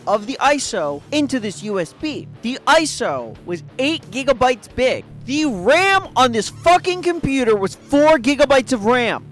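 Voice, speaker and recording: High-voiced man ranting, swearing a lot. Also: fairly bright tone. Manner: profane, exasperated, peppered with "like" and "right?". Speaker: VTuber. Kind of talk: ranting casual monologue.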